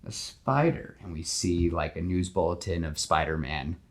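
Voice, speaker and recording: Podcast host, male, somewhat low-pitched, casual, acts out the scenes as he pitches. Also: little pitch movement, normal speed. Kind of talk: animated storytelling.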